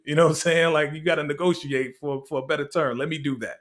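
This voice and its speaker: A man hosting a casual TV recap, who tells the story in an animated way, acts out what the characters say and laughs often. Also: fairly high pitch, brisk. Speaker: YouTube TV recap host.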